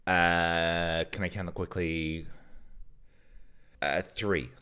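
A man's voice: sits low, level tone, extremely slow, bright, forceful tone. Easygoing man thinking aloud. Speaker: podcast co-host answering a quiz. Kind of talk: casual chat.

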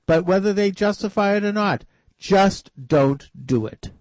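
A man's voice: high-pitched, expressive, unhurried, no room sound. A man hosting a radio talk show, earnestly urging listeners to act.

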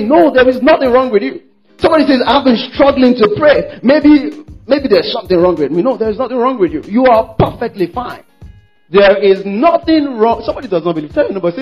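A man preaches with a high, husky voice, hammering points home and urging the congregation to repeat after him. He slips into quoted voices of troubled worshippers, then answers them firmly. The recording is dull and lo-fi, with faint music beneath. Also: lively intonation, a little fast. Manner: emphatic, repeats phrases, calls for congregation responses; acts out worshippers' quoted words in shifting voices. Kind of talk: sermon.

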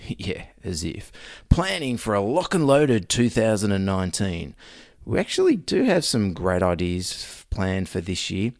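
Australian man, podcast host and vet, deep gravelly voice, dry close sound, dry humor. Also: no echo. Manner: dry joking tone. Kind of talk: scripted podcast intro with sponsor reads.

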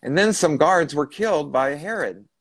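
A man's voice: a little high, lively intonation, moderate pace, fairly bright tone, dry recording. A man hosting a spiritual podcast, earnestly recounting a channeling session and restating his questions. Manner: earnest, retelling and rephrasing questions. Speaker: podcast host.

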